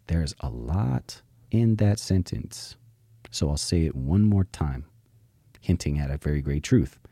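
A man's voice: a bass voice, expressive, moderate pace, dark tone, breathy edge, no echo, clean studio sound. A man hosting a casual show, reading spiritual book passages aloud and breaking in with blunt, sometimes profane comments. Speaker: host.

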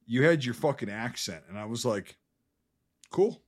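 A man co-hosting a podcast in animated, profane, teasing casual chat. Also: mid-range voice, fairly quick. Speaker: podcast co-host.

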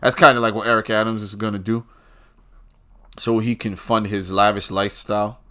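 A man delivering a profane political rant, swinging between low muttering and loud outbursts. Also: flat delivery, moderate pace, a little hiss or hum.

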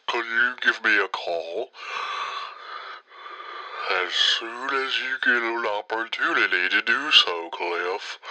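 A man's voice: on the low side, sharp tone, no echo, exaggerated voice, rough recording. A man voicing a rambling, out-of-breath uncle leaving a voicemail, repeating the listener's name over and over. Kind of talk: comedic voicemail character bit.

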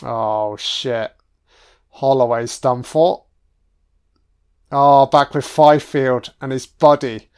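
A man giving a casual, sweary audio commentary on a film, reacting out loud to what he sees. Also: mid-range voice, fairly even intonation, takes it slowly, pauses often, clean tone. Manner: sweary, exclaiming reactions at the screen.

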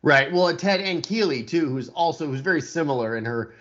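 A man's voice: a little high, animated, brisk, fairly bright tone. A man living in Texas, chatting casually about television, blunt and opinionated, with stammering restarts. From Texas, USA. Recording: dull lo-fi sound.

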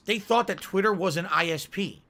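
A man's voice: high-pitched, a little fast, pushed and bright. A man in a clip from a streamer's podcast, ranting in an indignant, lecturing manner.

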